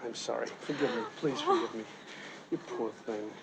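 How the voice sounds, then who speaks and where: A man's voice: mid-range voice, animated, natural voice. A man playing a stammering, awkward young suitor. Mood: flustered. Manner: halting, stammering, full of restarts. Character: awkward, rambling young man courting a woman. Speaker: film character. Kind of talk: 1970s film comedy acting.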